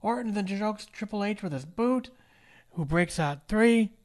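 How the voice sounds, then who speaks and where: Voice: mid-range voice, lively intonation, a little slow. A podcast co-host chatting casually and joking while narrating a wrestling match move by move. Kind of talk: casual podcast chat with play-by-play recap.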